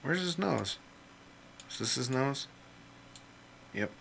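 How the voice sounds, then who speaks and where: A man's voice: medium pitch, animated, takes it slowly, gravelly, fairly bright tone, a little hiss or hum. A man casually narrating as he draws characters on a computer, rambling and joking to himself with some mild swearing. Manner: rambling, jokey self-talk with mild swearing. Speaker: illustrator drawing on screen. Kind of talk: casual commentary while drawing.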